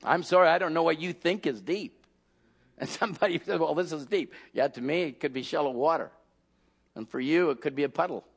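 A man preaching an impassioned sermon, acting out scenes and shouting at the peaks. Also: on the high side, brisk, breathy edge.

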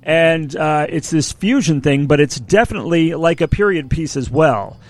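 A man's voice: a little high, normal speed. A man co-hosting a music show in casual chat, rambling and self-deprecating, often restarting his sentences.

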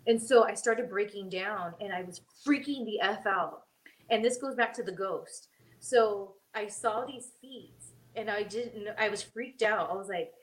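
Animated woman telling wrestling stories. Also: unhurried. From Mexican heritage. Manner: animated, acts out quoted voices with big pitch jumps. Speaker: podcast co-host; former wrestler. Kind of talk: casual storytelling chat.

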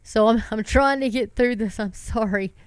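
This middle-aged woman hosts an online commentary show, her voice a little high, smooth and at normal speed despite sinus congestion from a cold. She reads the news with preachy fervor and throws rhetorical questions at viewers. The recording is dry.

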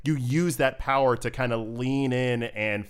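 A man co-hosting a casual chat about video games, lively and quick to laugh, acting out little quotes as he talks. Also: medium pitch, smooth. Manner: animated, laughs often, acts out quotes. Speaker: podcast co-host.

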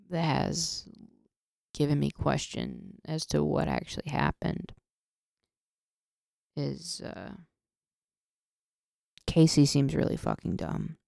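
A woman's voice: low-pitched, gravelly, darkish tone, dry recording, clean studio sound. A woman hosting a solo podcast, ranting in an emotional, profane way, often stopping and restarting her sentences. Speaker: podcast host. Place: podcast studio.

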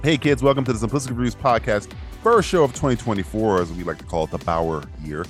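A man's voice: lowish voice, lively intonation, soft background music. A man hosting a comedy podcast, bantering in a playful, joking way. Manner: playful, joking, quick to laugh. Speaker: podcast host.

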